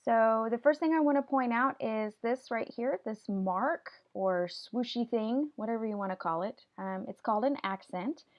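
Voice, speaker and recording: A woman's voice: on the high side, moderate pace, hardly any pauses, dull audio. A woman teaching a Spanish vocabulary lesson, patiently explaining each word step by step and having students repeat after her. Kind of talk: classroom video lesson.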